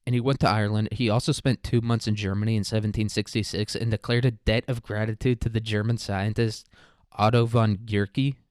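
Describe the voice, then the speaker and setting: Low-voiced crude rambling podcast guy. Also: steady tone, a little fast, a little mellow, no room sound, studio quality. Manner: crude, rambling, self-mocking jokes. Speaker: podcast host. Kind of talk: casual history podcast monologue.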